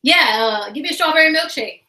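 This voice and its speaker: A woman's voice: sits high, expressive, fairly quick, sharp tone, far from the mic, pitched above the performer's own voice. Woman doing a mumbling homeless man. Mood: bumbling. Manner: hesitant, stammering, repeats himself. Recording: roomy echo.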